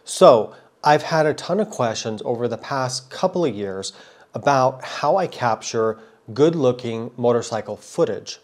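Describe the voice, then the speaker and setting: A man's voice: mid-range voice, expressive, unhurried. Man with a cold explaining camera gear. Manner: friendly, thorough, repeats words for stress. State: has a cold. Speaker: motorcycle vlogger. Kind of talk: casual explanatory vlog talk.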